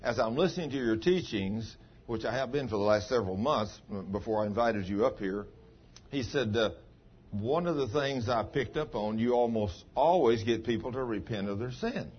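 A man's voice: mid-range voice, moderate pace, slight background noise. A man pastor telling stories in a folksy, homespun sermon, with plain country grammar. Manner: folksy, ungrammatical country speech. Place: church. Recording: dull lo-fi sound.

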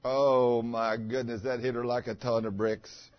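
A man's voice: medium pitch, flat delivery, measured pace. Folksy man preaching. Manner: folksy, chatty, stammering restarts. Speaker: pastor. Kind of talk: sermon with personal storytelling. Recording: muffled lo-fi recording.

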